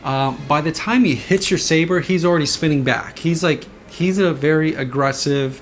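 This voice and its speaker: A man casually explaining how he designed sound effects, eager and imitating whooshes and booms with his voice. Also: moderate pace, faint music behind. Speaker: saber sound font designer.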